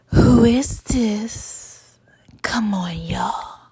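A woman putting on a slow, breathy, whispered impression of a sultry singer, as whispered role-play. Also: on the high side, a little mellow, heavily acted. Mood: teasing.

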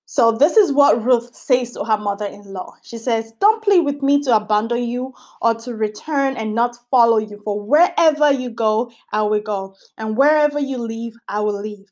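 On her Bible study podcast, a woman reads scripture and teaches with casual earnestness, often repeating phrases for emphasis. Her slightly high, slightly mellow voice is expressive, at normal speed with few pauses.

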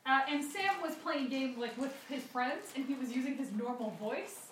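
A young woman chatting on a podcast, telling an animated story full of laughs and restarts. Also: high-pitched, normal speed, background noise. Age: young adult. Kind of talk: casual chat, storytelling. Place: garage. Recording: echoey garage, mic at a distance.

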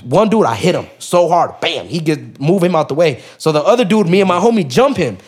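Fast-talking, profane man telling a story. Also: on the high side, breathy edge. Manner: profane street slang, animated, keeps saying "bro"; acts out other people's lines in raised voices. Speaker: podcast guest. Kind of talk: casual storytelling.

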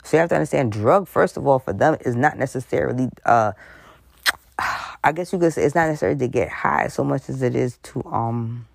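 Animated, gravelly-voiced woman host. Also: extremely low pitch, fairly quick, dry recording, studio quality. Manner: animated, conversational, frank, breaks into laughs and voices. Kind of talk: casual commentary monologue.

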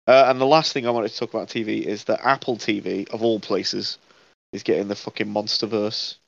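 A man's voice: on the low side, steady tone, a little fast, gravelly, dull audio. A man in casual podcast chat, sweary and rambling, laughing often. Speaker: podcast co-host.

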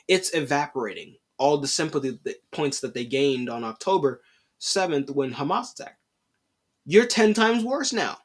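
A young man hosting a solo opinion podcast, exasperated and casual, with slangy talk and repeated lines. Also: fairly high pitch. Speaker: podcast host.

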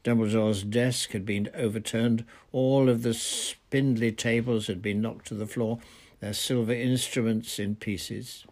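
A man reading a novel aloud in steady, deliberate narration. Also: lowish voice. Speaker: reader. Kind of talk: audiobook narration.

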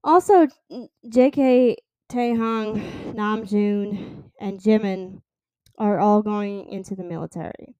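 She's a twenty-something hosting a solo podcast, talking casually and wandering off with lots of fillers. The voice is warm and smooth, medium in pitch, slow and fairly even, with no room sound.

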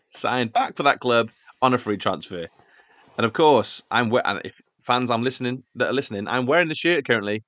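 A man's voice: fairly low pitch, a bit bright, no room sound. A man hosting a casual football podcast, reeling off stats with a wry, chuckling manner.

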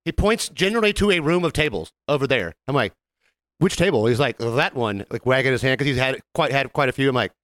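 A man's voice: medium pitch, fast talker, no room sound. A man co-hosting a casual podcast, telling stories with animation, acting out the people in them and swearing freely. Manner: animated, acts out customer quotes, swears freely. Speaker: podcast co-host. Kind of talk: casual chat, storytelling.

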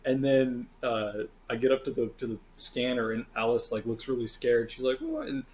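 A man's voice: mid-range voice, moderate pace. A man in casual chat about a video game, retelling his playthrough and acting out characters with bursts of laughter. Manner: animated storyteller who acts out game characters.

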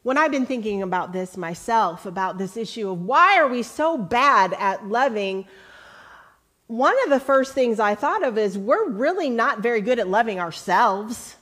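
A woman pastor preaching a sermon, reading scripture slowly and deliberately, then building to emphatic questions to her congregation. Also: fairly high pitch. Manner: earnest preaching, rising to lively emphatic questions; slow, deliberate quoting of scripture.

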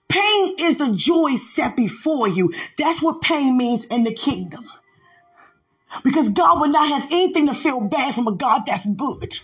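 A woman preaching a fervent sermon, declaiming in repeated refrains and at times shouting. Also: high voice, big pitch swings, unhurried. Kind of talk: fervent sermon over music.

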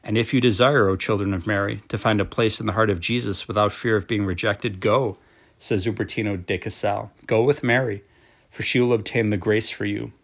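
A man with a fairly low voice reads a devotional text aloud. His delivery is slow and measured, with a solemn tone throughout. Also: fairly even intonation, vocal fry. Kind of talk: reading a devotional book aloud.

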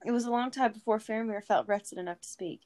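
Relaxed woman reading a story aloud. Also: fairly high pitch, fast. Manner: relaxed, chatty asides, yawning. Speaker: reader. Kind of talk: casual read-aloud of a story.

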